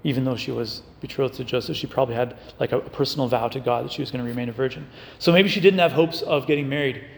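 A man's voice: medium pitch, fast talker, creaky, a little hiss or hum. A man giving a conversational spiritual talk to young adults as a Catholic speaker, often checking in with "right?" and "you know". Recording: echoey hall.

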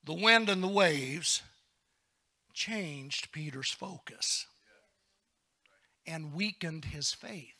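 A man preaching a sermon as pastor, moving between hushed, whispered lines and loud, shouted passages, asking the congregation to respond. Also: a little high, very slow, long pauses.

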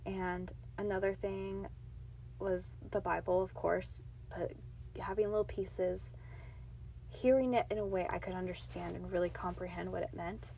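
A woman in her thirties hosts her own podcast from a home closet, speaking into a podcast mic set on a box as she shares her faith testimony. Her lowish, creaky, mellow voice keeps a fairly even intonation at a measured pace, and she sounds earnest, emotional and confiding. There's a slight hiss or hum in the audio.

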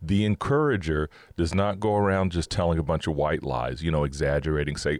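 A man's voice: a bass voice, fairly even intonation, brisk, few pauses, darkish tone, no echo, clean studio sound. A man hosting a casual faith talk, upbeat and chatty, laughing often as he teaches. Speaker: podcast host.

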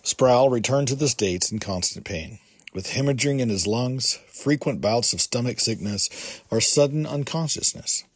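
A man's voice: mid-range voice, expressive, normal speed, slightly rough, no room sound, clean studio sound. A man hosting a podcast, reading from a book aloud in an earnest way and adding his own comments, with small restarts. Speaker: podcast host.

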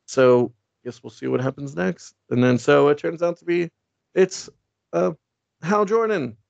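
A man's voice: fairly high pitch, unhurried, creaky, a little mellow, no room sound, lo-fi sound. A man co-hosting a podcast, recapping a comic book in a rambling, profane, comedic way with lots of fillers. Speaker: podcast co-host.

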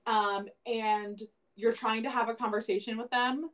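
A woman's voice: a little high, steady tone, moderate pace, poor audio. A woman co-hosting a casual podcast, talking animatedly, laughing often and swearing. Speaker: podcast co-host.

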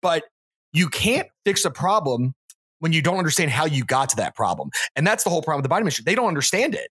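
Male podcast co-host, casual political chat, emphatic and repetitive, quick with a husky tone. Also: on the high side, big pitch swings, a bit bright. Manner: emphatic, repeats words while building his argument.

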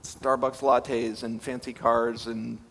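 A man's voice: mid-range voice, level tone, slow pace, creaky, a bit bright. Man, young pastor, casual sermon, long hall reverb, faint room noise. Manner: conversational, self-deprecating, asks the listeners questions.

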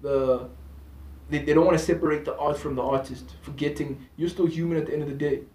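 A man with a slightly higher voice talks casually and at length, full of slang and quick restarts. The room is echoey and roomy around him. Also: steady tone, a little mellow. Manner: talkative, slangy, restarts often. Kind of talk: casual chat.

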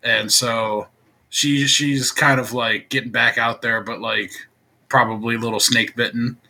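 Bright-voiced man telling a rambling story. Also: medium pitch, level tone, unhurried, vocal fry. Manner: rambling storyteller, many filler words. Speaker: podcast co-host. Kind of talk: casual chat.

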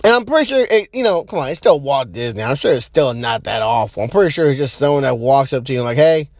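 A man's voice: medium pitch, animated, fast talker, no echo. A man hosting a podcast, rambling loosely in casual chat and talking straight to his listeners. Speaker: podcast host.

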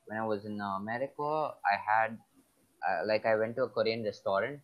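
Lowish guy, lots of uhs, kinda muffled lo-fi sound. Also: brisk. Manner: hesitant, many fillers, searching for words. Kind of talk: casual chat.

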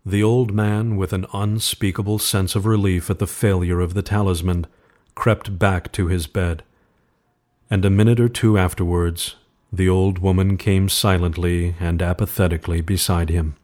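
Brief: male storyteller, lower register, measured and suspenseful narration. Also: steady tone, a little mellow. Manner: slow, measured, suspenseful reading. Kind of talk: scripted horror story narration.

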